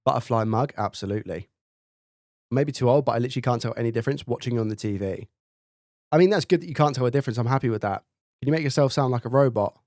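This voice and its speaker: A man's voice: mid-range voice, fast, a little mellow, no room sound. A man hosting a live stream in casual chat, thinking aloud and testing his microphone up close with repeated checks. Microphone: studio dynamic mic, close up.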